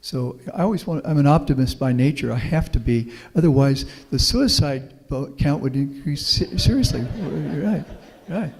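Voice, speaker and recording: At a moderate pace with few pauses, a middle-aged man from Houston speaks in a darkish mid-range voice. He's the guest professor at a public talk, spinning folksy anecdotes and handling audience questions, and the meeting hall gives the recording a long reverb.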